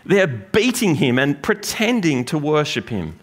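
A man preaching a sermon in a church, lively and joking with the congregation. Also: a little high, unhurried, few pauses. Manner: lively, animated preaching with jokes. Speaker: pastor. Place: church gathering room.

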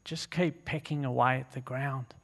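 A man's voice: medium pitch, fairly even intonation, moderate pace, creaky. A man voicing a weary mother hen, offhand and dismissive in a storytelling sermon.

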